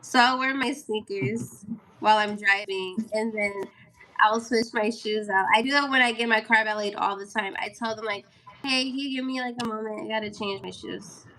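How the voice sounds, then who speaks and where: A woman's voice: medium pitch, fairly even intonation, moderate pace, bright, forceful tone, rough recording. A woman chatting casually as a guest on a livestream, saying "like" often. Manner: chatty, many "like" fillers.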